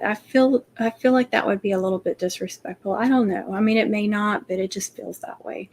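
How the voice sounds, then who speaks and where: Woman, mid-pitch, soft rambling chatter, faint noise behind; craft livestream host. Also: gravelly, rough recording. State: emotional, near tears. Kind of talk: casual livestream chat.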